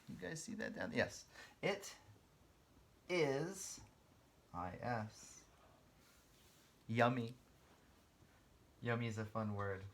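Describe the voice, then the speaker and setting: A man's voice: mid-range voice, big pitch swings, slow pace, gravelly, long pauses, a bit bright. A man teaching a guided writing lesson to kindergarten children, spelling words out letter by letter and encouraging them in a friendly way.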